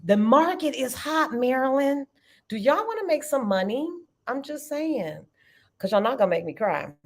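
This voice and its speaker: A woman's voice: high-pitched, very animated, normal speed. A middle-aged woman hosting a live trading stream, chatting animatedly and calling her viewers y'all. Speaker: livestream trading host. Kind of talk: casual live-stream chat.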